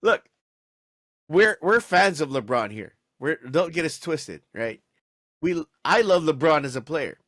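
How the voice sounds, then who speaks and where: An animated man co-hosting a sports podcast, venting with exasperation and tripping over his own restarts. His voice sits a little higher than most men's. The sound is dry and close, with no room around it. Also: a little slow, dry recording. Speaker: podcast co-host. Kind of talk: casual sports podcast chat.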